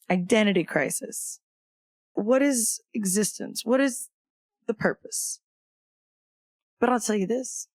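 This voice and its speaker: A woman's voice: mid-range voice, a little mellow, no echo. Candid woman telling a grief story. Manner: candid, wry humor mixed with grief. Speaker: podcast guest. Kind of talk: personal storytelling in conversation.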